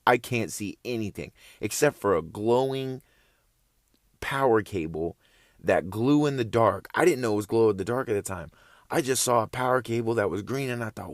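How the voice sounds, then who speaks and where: A man's voice: mid-range voice, moderate pace, dry recording, studio quality. A young man casually telling a story, laid-back and slangy, rambling along with loose phrasing.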